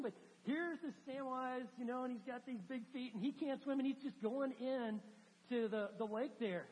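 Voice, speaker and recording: High-voiced preacher in reverberant church. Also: male voice, normal speed. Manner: animated storytelling, conversational asides. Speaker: pastor. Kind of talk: sermon. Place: church sanctuary.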